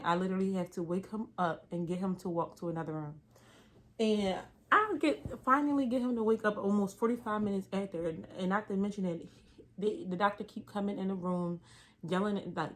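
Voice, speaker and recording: A young woman tells a story from work in a laid-back vlog, in a voice of ordinary, middle pitch. She is animated and slangy and leans hard on her emphasis. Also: a little fast.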